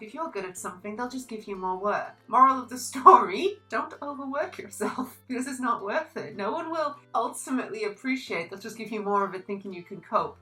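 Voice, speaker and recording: A young woman chatting through a book review, her voice bright and forward with a lively, swooping pitch. She gushes and gets animated about favourite characters. Faint music sits under her talk. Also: rough recording. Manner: animated, gushing, reads quotes aloud. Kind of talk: casual book review vlog.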